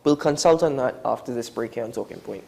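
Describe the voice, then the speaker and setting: Trinidadian male co-host, casual studio banter, wry and lively. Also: fast talker, vocal fry. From Trinidad and Tobago. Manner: animated, wry, pitch jumping for emphasis. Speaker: talk show co-host.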